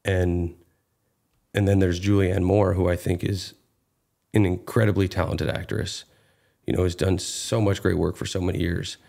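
A man's voice: low-pitched, flat delivery, moderate pace, gravelly, dark tone. A man in his thirties, a guest actor, talking casually in an interview with many fillers and restarts.

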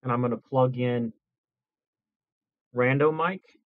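Man, home host, relaxed goofy chatter, lav mic, dry, slightly muffled. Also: mid-range voice, slow, no echo. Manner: loose, joking, talks through each step. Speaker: host testing microphones. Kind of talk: casual chat. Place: home desk by a computer. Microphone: lavalier mic.

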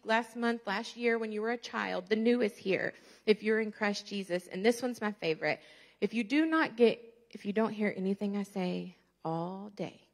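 A woman in her thirties preaching a passionate sermon as a guest speaker, with emphatic bursts of intensity. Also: mid-range voice.

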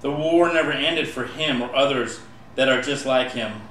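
A man performing spoken-word poetry, building from quiet storytelling to impassioned pleading. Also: mid-range voice, normal speed, a little hiss or hum. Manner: impassioned, rising to pleading shouts. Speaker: poet. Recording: echoey room from far off.

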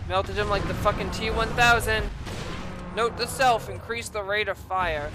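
Over some background noise, a woman streams a video game and comments on it. Her voice is medium-pitched and unhurried, but she swears and breaks into explosive outbursts at what happens on screen.

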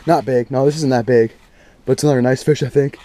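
A young man vlogging as he ice fishes, giving an excited, slangy play-by-play and exclaiming loudly at each catch. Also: mid-range voice, fast talker. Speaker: fishing vlogger. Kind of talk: excited play-by-play while fishing. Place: ice fishing on a frozen lake in deep cold. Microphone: action camera.

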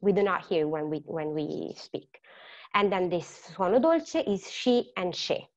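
A woman with an Italian accent, whose first language is Italian, teaching an online language class. She explains patiently, repeats words slowly and quizzes her students. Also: fairly low pitch, animated, dull audio. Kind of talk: online lesson.

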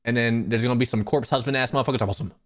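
A man's voice: mid-range voice, racing, a bit bright. A young man streaming casually, joking and swearing as he stumbles over new phrases. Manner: joking, profane, self-mocking. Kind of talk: casual livestream chat.

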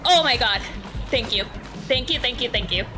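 A young woman streaming a video game live, panicking, swearing and shrieking in bursts between calmer remarks. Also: fairly high pitch, moderate pace, over music. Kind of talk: live gameplay commentary. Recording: noisy game stream audio.

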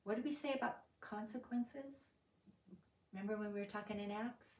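This Bible study leader is a woman whose medium-pitched voice moves at a moderate pace. She asks her group questions in a conversational manner and brings energy to the scripture she reads aloud, recorded distantly in a room with reverb.

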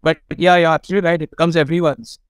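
This is a middle-aged man with an Indian English accent, telling stories on a podcast in a fairly high, smooth voice. He talks in an animated, irreverent way, swears freely and laughs often. The sound is dry and close. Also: very fast, no room sound, rough recording. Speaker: film director guest. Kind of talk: casual podcast storytelling.

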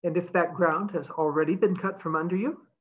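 A woman's voice: on the low side, fairly even intonation, a little fast, muffled recording, close to an everyday voice. A woman reading aloud, voicing a determined young woman who talks urgently and pleads.

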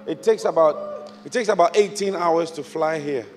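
A man from Ghana preaching a sermon as a bishop, swinging from quiet reflection to shouted exhortation with repeated rhetorical questions. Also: fairly high pitch, normal speed, a little hiss or hum. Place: large church auditorium. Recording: large church hall with long reverb, music behind.

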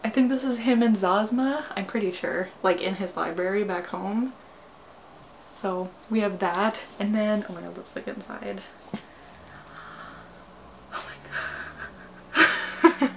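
A young woman films an excited book unboxing, giggling and gushing, with exclamations that sometimes sink to a hush. She talks at an unhurried pace. A faint hiss sits behind her voice. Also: medium pitch. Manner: gushing, giggly, repeats "oh my god", drops to near-whispers. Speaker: booktuber.

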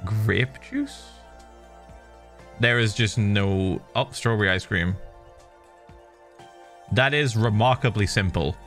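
A man's voice: lowish voice, takes it slowly, long pauses, a bit bright, soft background music. A man chatting casually while playing a game, laid-back and humming to himself. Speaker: streamer. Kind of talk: casual chat while gaming.

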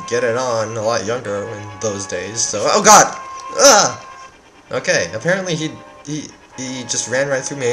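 A man chats through a video game with excitable, self-mocking commentary. His pitch is animated and swings widely. Game music plays clearly behind him. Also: poor audio. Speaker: let's play gamer.

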